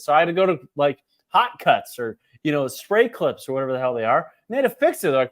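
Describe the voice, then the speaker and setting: A man's voice: fairly high pitch, fast talker, few pauses. A man co-hosting a podcast, telling a story in casual chat, acting out the other people in it and swearing freely. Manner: animated, profane, acts out other people's lines. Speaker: podcast co-host.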